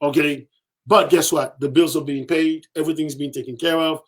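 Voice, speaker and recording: A man guest on a podcast telling a personal story, lively and repetitive, acting out what others said. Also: fairly high pitch, moderate pace. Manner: lively, acts out quoted voices, repeats himself for emphasis. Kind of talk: animated storytelling.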